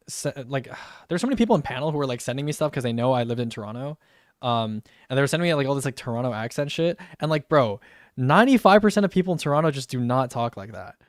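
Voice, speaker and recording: Streaming live, a young man chats in a loose, laid-back, slangy way and keeps saying "bro." His pitch is ordinary for a man, and the close, dry recording has almost no room sound or echo.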